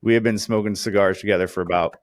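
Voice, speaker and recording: A man's voice: on the low side, fast, no echo. A man co-hosting a casual chat, telling stories with lots of fillers and acting out quoted voices. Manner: animated storyteller, acts out quoted voices. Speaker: podcast co-host.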